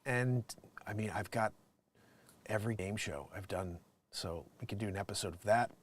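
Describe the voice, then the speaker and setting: A man with an American accent hosting a casual livestream, joking loudly and laughing, then rambling in a relaxed way as he plans future shows. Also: on the low side, normal speed. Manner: loud, laughing comedic banter; relaxed, rambling planning talk. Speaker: livestream host.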